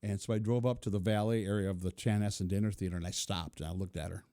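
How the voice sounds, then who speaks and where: Man with a low, mellow voice telling stories. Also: fairly even intonation, fast talker, no room sound, clean studio sound. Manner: chuckling, vivid, acts out quotes. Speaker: interview guest. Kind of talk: personal storytelling.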